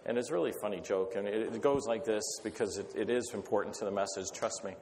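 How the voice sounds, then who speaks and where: A man's voice: on the low side, fast, darkish tone. Rambling, earnest man in an echoey hall. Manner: earnest, rambling, with hesitant restarts. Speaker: guest speaker. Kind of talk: sermon with prayer and anecdotes. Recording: echoey hall, faint background noise.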